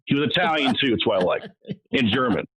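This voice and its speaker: A man as interview guest, telling stories in an animated way and acting out what people said. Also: medium pitch, fast, slightly rough. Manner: animated, acts out quotes, frequent restarts. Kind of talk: casual storytelling interview. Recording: muffled lo-fi audio.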